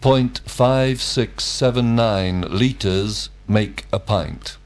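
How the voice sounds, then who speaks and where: A man answering lesson questions in slow, complete sentences. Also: lowish voice. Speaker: model student. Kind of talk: scripted drill answers.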